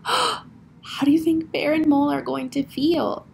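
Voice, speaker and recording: A woman teacher reads a picture book aloud to a class of children, her voice pitched high and her delivery slow and unhurried. She acts out every sound word with energy and keeps stopping to ask the children questions. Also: expressive, gravelly, a little mellow.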